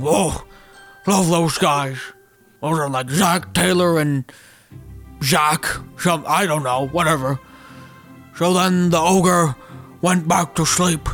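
A man puts on a gravelly, rambling old statesman who drifts off topic while telling a fairy tale. He talks slowly in a high voice, with faint music behind. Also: fairly bright tone, exaggerated voice. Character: impression of a rambling elderly former male president. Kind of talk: comic storytelling.

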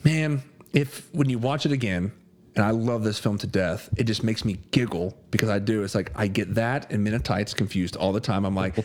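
A man's voice: lowish voice, a little fast, darkish tone. Rambling man reviewing a movie. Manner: rambling, repeats words, swears casually. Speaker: podcast co-host. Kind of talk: casual movie review chat.

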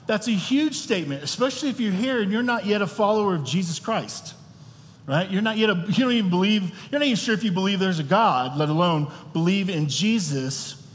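A pastor with a high, expressive voice preaches at a brisk clip in a church hall, where the long reverb carries his words. His sermon is conversational, and he keeps checking in with the congregation by asking them questions.

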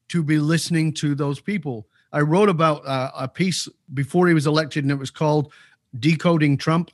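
Emphatic male guest, slightly high voice. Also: no room sound, studio quality. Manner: emphatic, repeats key points for force. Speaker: interview guest. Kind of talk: opinionated commentary.

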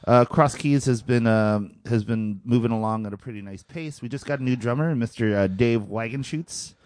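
A man's voice: mid-range voice, normal speed, darkish tone, no echo. Chill guy cohosting a podcast, laughs a lot, lots of uhs, dead dry sound. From Philadelphia. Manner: laid-back, laughs often, many fillers. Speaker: podcast co-host. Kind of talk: casual chat.

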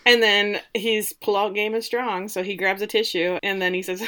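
A woman's voice: medium pitch, level tone, normal speed, pushed and bright. A woman co-hosting a podcast, recapping an episode in a casual, chatty way, full of "like" and mocking asides.

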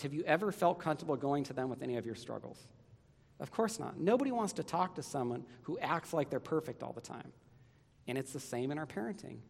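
A man's voice: fairly high pitch, big-room sound. A man preaching a sermon as a pastor, earnest and emphatic, driving points home with repeated phrases.

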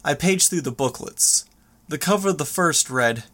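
A man narrating a first-person audiobook in a steady, measured reading voice. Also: on the high side.

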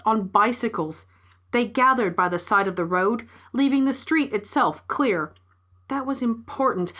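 A woman's voice: fairly high pitch, sharp tone. A woman reading a first-person story aloud in a wry, scripted narration.

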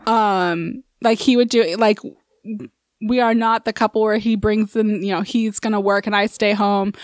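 A woman's voice: a little high, no room sound, studio quality. A young woman in casual chat, talking freely with frequent swearing and laughter. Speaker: podcast co-host.

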